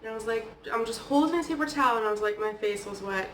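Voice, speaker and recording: A woman's voice: on the high side, fast talker, fairly bright tone, slight background noise. A woman vlogger telling personal stories in a casual, chatty way, often dropping "like" and "okay?". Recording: echoey room, distant from the mic.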